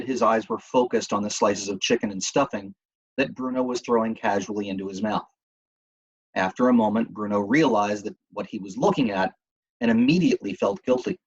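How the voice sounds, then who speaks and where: A man with a husky voice reading a novel aloud in a steady storytelling manner. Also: lowish voice, lo-fi sound. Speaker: reader. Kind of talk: audiobook reading.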